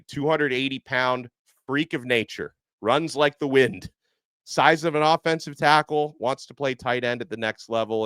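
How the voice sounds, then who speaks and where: A man hosting a casual sports podcast, talking in a chatty, animated way with plenty of fillers. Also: medium pitch, clear, resonant tone, no echo. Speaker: podcast host. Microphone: headset earpiece.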